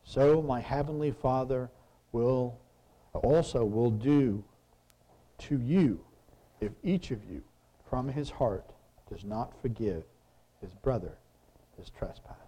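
A man delivers a sermon in an easy, conversational way, reading passages aloud and turning to his listeners with questions. His voice is mellow and warm, at an ordinary pitch. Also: expressive, takes it slowly, long pauses, a little hiss or hum. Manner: conversational, asks the audience questions. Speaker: preacher.

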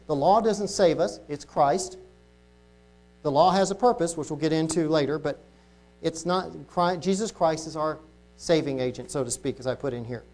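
A man preaching an informal sermon to a congregation, talking casually and reading Bible verses slowly and deliberately. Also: on the high side, a little mellow. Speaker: lay preacher.

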